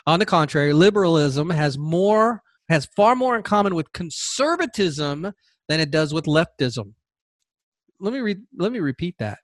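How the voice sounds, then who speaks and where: A male podcast host with a slightly high voice, talking in a loose, rambling monologue. He stumbles over and repeats words and often wanders off topic. The recording is dry and close. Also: lively intonation, moderate pace, no echo.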